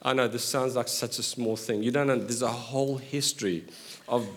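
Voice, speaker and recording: A middle-aged man preaching a sermon in an animated way, joking with quick asides. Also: medium pitch, a little hiss or hum. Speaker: pastor.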